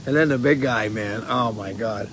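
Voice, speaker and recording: A man's voice: medium pitch, moderate pace, a little hiss or hum, low-quality recording. A man hosting a casual live stream from a porch, rambling and swearing while he tells stories, a little stoned. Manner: rambling, profane, animated storytelling. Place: outdoors on a porch.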